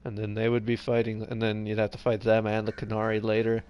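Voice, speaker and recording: This man's fairly low voice comes out fast and completely flat, clear and resonant, though the highs are cut off. He's a tired live streamer giving casual, rambling gameplay talk, reading game text aloud and leaving thoughts unfinished.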